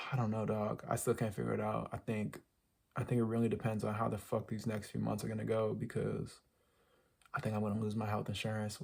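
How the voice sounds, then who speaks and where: A man's voice: lowish voice, vocal fry, darkish tone, husky. A young man ranting casually to his viewers, rambling and swearing, with lots of filler words. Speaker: vlogger. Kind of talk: casual rant to camera.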